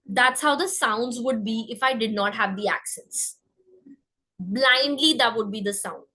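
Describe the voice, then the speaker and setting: A woman teaching French pronunciation, saying example words slowly so learners can repeat after her. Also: on the high side, pushed and bright, low-quality recording. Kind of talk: pronunciation lesson.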